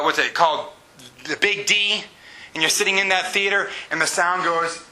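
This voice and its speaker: A man in his late thirties preaching a sermon in a church, animated and sometimes shouting out exclamations. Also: fairly high pitch. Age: 30s. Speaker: pastor. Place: church sanctuary. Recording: echoey room with faint hiss.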